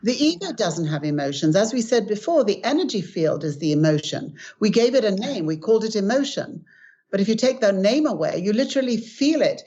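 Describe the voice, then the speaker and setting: An older woman, a guest author, earnestly teaches about spiritual acceptance in conversation, telling stories and acting out quotes. Her medium-pitched voice is mellow and husky, very animated and fairly quick, on a dull lo-fi recording.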